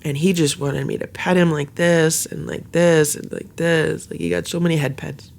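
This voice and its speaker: Home cat vlogger with a fry-heavy voice, chatty and halting, cooing gently at the cats. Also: medium pitch, steady tone. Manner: chatty, halting with many fillers; soft baby talk to cats. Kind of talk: casual vlog chat.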